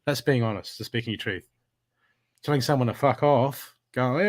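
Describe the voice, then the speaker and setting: A man's voice: medium pitch, fairly even intonation, normal speed. Emphatic man giving a spiritual reading. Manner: emphatic, repetitive coaching talk. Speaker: intuitive card reader.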